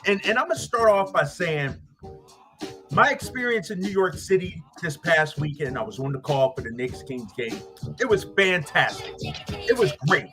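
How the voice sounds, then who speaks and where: Man, sports radio host, fired-up rant, high lively voice, music bed behind. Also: normal speed. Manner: fired-up, animated, talks straight at fans. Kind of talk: casual sports talk rant.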